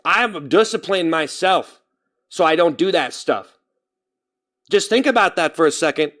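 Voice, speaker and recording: A man's voice: fairly high pitch, a bit bright. A man talking casually to his live-stream chat, rambling and often stopping to restart and correct himself. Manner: talks straight to chat, reading out names.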